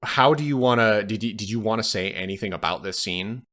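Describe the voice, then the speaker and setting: A man's voice: on the low side, brisk, fairly bright tone. A man co-hosting a podcast, casually retelling film scenes and acting out the quoted lines. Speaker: podcast co-host. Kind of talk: casual film review chat.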